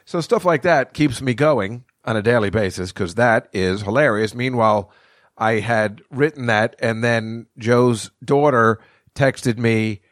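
A man's voice: medium pitch, unhurried, no room sound. Rambling, cursing middle-aged man on a dry mic. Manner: rambling, profane, laughing at his own jokes. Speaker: podcast host. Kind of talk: casual rambling monologue.

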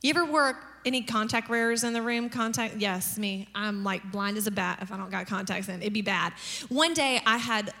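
A woman pastor giving a sermon, telling lively family stories and acting out their lines. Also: medium pitch, normal speed. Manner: storytelling with acted-out family dialogue and humor. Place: church hall. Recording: long reverb of a large church hall.

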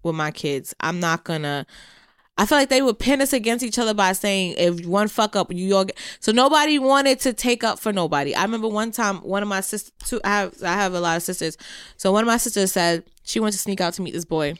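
A woman's voice: mid-range voice, expressive, fairly quick, smooth, dry recording, studio quality. A young woman co-hosting a podcast, telling a childhood story in a blunt, profane, casual way. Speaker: podcast co-host.

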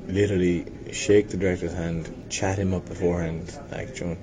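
Over music, a young man from Limerick with an Irish accent talks briskly and flatly as an actor guest in a casual interview at a hotel. He rambles self-deprecatingly about his acting, restarting frequently, and the recording carries noise and a low rumble.

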